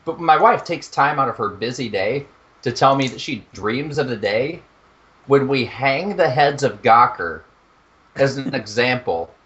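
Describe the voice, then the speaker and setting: A young man co-hosting a podcast in casual chat, animated and profane, laughing at his own jokes. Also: mid-range voice, dull audio. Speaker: podcast co-host.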